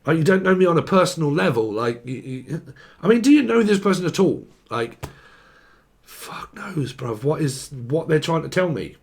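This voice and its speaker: A young man reads tarot in a rambling, unscripted flow, swearing casually and chuckling at his own asides. His voice sits a little high for a man. It carries a strong gravelly fry throughout. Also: very animated, moderate pace, a little mellow. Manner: rambling, swears freely, laughs at own jokes. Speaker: tarot reader.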